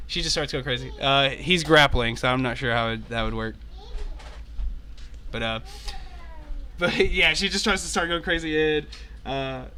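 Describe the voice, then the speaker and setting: A man's voice: mid-range voice, bright, forceful tone, slight background noise. A young man in a casual, rambling way running an online tabletop game as game master, laughing often.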